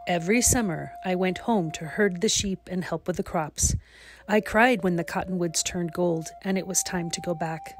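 A woman reads a kind old grandfather in a picture book, talking softly and steadily, a little low in pitch. he sounds patient and wise as he tells his memories. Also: moderate pace, close to an everyday voice. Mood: reminiscing. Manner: gentle, steady storytelling.

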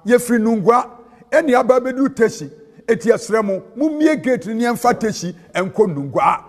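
A Ghanaian man, a prophet and preacher, delivers a sermon in a high, ringing voice, expressive and at normal speed. He drifts into a sing-song cadence and mixes in local-language phrases, while a big church hall's long reverb lingers on every line.

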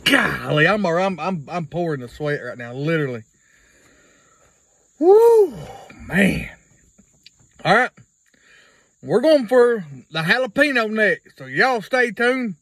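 A man's voice: sits high, animated, a little slow, a bit bright, no echo, low-quality recording. A man, rambling through a casual video blog in a folksy way and repeating himself. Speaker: vlogger.

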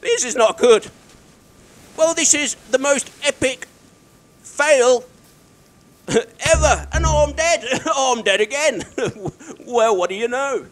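A man with a strikingly high voice gives let's-play commentary on his own gaming. He mocks himself, chuckles often and breaks into exasperated outbursts. He talks into a desk microphone. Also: animated, slow pace, pauses often, fairly bright tone. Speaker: gaming video creator.

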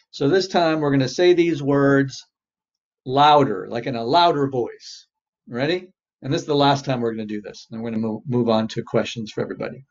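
A man, a therapist, leading an exposure exercise in a webinar and coaching participants in an encouraging way. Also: mid-range voice. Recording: dull lo-fi webinar audio.

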